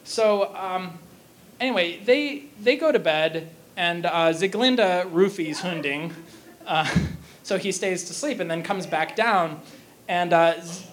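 A man with a high voice retells an opera's story as a humorous lecture. He talks casually and jokes freely, stumbling over fillers and restarts as he goes. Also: slow, a bit bright.

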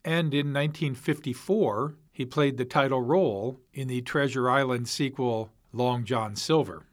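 A man narrating a documentary in a plain, even way, reading sources aloud. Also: medium pitch, unhurried.

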